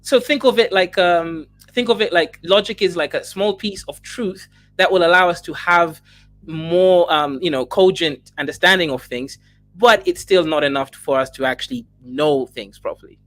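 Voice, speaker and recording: A man on a livestream panel talking through ideas in an easygoing, musing way, often agreeing with others and trailing off softly. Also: sits high, normal speed, no echo.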